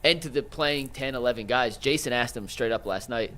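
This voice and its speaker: A man's voice: medium pitch, steady tone, a little fast, few pauses, sharp tone. A man on a sports talk show, steadily reporting facts and quotes. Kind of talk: casual sports chat.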